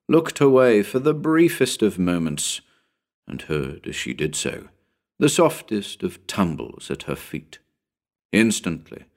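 A man narrating a spooky story as an audiobook, building suspense in a dramatic storytelling manner. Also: low voice.

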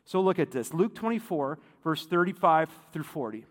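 A male pastor preaching a sermon in a casual, animated way, full of fillers and asides. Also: on the high side, moderate pace, big-room sound.

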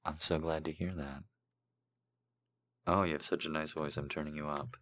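Host, male, very low bass voice, drawn-out dramatic poetry delivery with a teasing, flirty streak between readings. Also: flat delivery, a bit bright. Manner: slow, theatrical, booming recitation; flirty, joking banter. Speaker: host reading poems and taking fan calls. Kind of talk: comedic live show with dramatic poetry reading.

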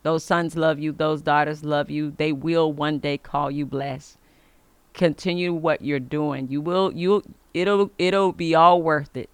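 Smooth-voiced woman giving preacher-like blessings. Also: deep voice, steady tone, a little slow, no room sound. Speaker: podcast host. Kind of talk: inspirational faith podcast monologue.

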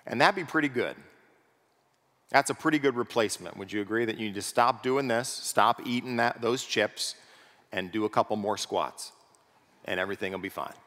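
A pastor preaching a sermon in a conversational way, often checking in with the congregation through rhetorical questions. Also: male voice, lowish voice, normal speed, sharp tone. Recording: long reverb of a large hall.

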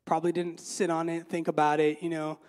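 A man's voice: fairly high pitch, monotone, brisk, a little mellow. A man giving a casual, conversational sermon, full of fillers and repeated words, often asking the listeners rhetorical questions. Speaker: preacher.

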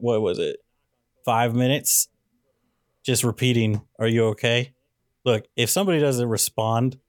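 A man co-hosting a casual movie podcast, tearing into a film with sarcastic, ranting jabs. His voice sits at an ordinary pitch and sounds dry and close, with no room around it. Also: dry recording. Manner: sarcastic, ranting, picks apart the plot. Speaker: podcast co-host. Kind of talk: casual movie review chat.

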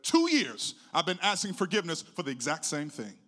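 Pastor preaching with a lilting cadence. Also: male voice, on the high side, animated, fast. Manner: testimony preaching that swells from hushed to loud; dramatic, sing-song preaching cadence. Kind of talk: sermon.

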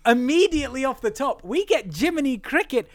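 A podcast co-host chatting casually about a film, animated and quick to laugh, swearing now and then. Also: sits high. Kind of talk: casual film review chat.

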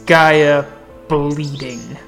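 A tabletop game storyteller voicing an ancient, wounded male bear shapeshifter who speaks in slow, halting, broken sentences. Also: mid-range voice, fairly even intonation, vocal fry, fairly bright tone, soft background music, exaggerated voice. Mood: grave. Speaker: non-player character.

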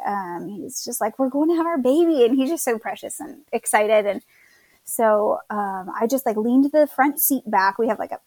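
A woman's voice: on the high side, dark tone, dry recording. A young woman casually telling her birth story, chatty, quoting others and laughing at herself.

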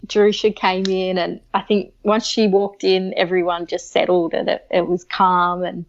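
A woman's voice: fairly low pitch, little pitch movement, normal speed, gravelly. A woman, chatting as an interview guest and acting out the people in her story. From Australia. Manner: chatty, acts out quoted voices. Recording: slightly dull lo-fi audio.

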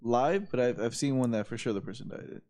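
A man's voice: mid-range voice, lively intonation, a little fast, a little mellow. A man in casual podcast chat, rambling with lots of filler and swearing. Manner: rambling, heavy swearing, many filler likes.

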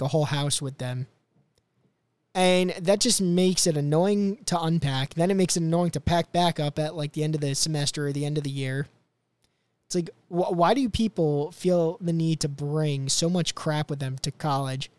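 A man's voice: fairly high pitch, darkish tone, no room sound. A young man hosting a podcast, chatting casually and loosely about clips he plays, full of fillers and restarts. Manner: rambling, filler-heavy. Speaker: podcast host.

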